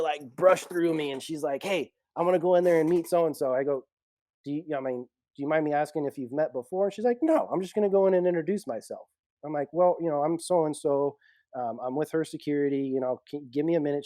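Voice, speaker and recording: Mellow-voiced man telling stories. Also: fairly high pitch, no echo, studio quality. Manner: animated storyteller, laughs often. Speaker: executive protection guest. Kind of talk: casual storytelling interview.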